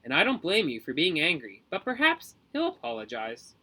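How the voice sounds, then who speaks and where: A man's voice: a little high, wildly swooping pitch, moderate pace, pushed and bright, husky, full character voice, rough recording. A man voicing a fussy, doting mother who gushes over her son and coddles him. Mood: coddling. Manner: gushing, coddling.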